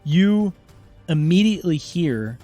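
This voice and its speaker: A man's voice: a little high, expressive, slow pace, mellow, faint music behind. A man running a tabletop game as game master, narrating playfully and laughing easily.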